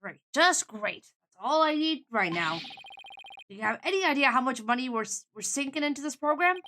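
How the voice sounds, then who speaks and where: Give me a woman playing a grumbling male producer, in a high, lively voice. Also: extremely slow, a little hiss or hum, exaggerated voice. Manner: blustering, complaining. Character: brash grumbling male showbiz producer, middle-aged.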